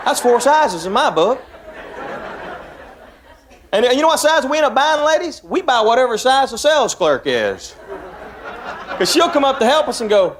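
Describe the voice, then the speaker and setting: A man's voice: very high voice, sing-song, normal speed, long pauses, a little hiss or hum. A man from Tennessee with a Southern accent doing stand-up, chatting with the crowd in a folksy drawl. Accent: Southern US, East Tennessee. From Tennessee, USA. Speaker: stand-up comedian. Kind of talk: stand-up routine. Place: comedy stage before a live audience.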